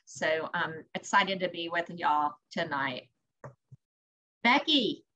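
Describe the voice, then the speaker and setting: Woman host, bright and upbeat, encouraging over a video call. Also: fairly low pitch, animated, slow pace, muffled recording, slight background noise. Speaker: session host. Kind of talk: welcoming host remarks.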